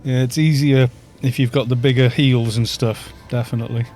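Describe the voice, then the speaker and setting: A man's voice: medium pitch, fairly even intonation, moderate pace, a little mellow, faint music behind. A man with a Welsh accent casually explaining game tactics to his live-stream chat. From Wales.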